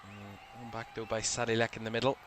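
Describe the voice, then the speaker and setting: A man giving relaxed live play-by-play commentary on a football match for a watchalong stream, chatty and a little drowsy, yawning now and then and correcting himself as he goes. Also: on the low side, fairly quick, a little hiss or hum. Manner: relaxed, chatty, thinking aloud with small self-corrections.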